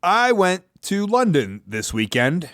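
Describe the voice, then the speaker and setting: A man, hosting a podcast in a rambling, self-deprecating monologue with animated asides. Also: high voice, slow pace, dry recording, studio quality. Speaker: podcast host. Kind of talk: casual monologue.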